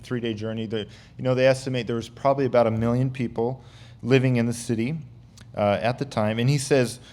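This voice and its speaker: A man's voice: on the low side, a little mellow. A man from the United States teaching a sermon as a pastor, talking casually and often saying "you know". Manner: conversational, with frequent fillers like "you know".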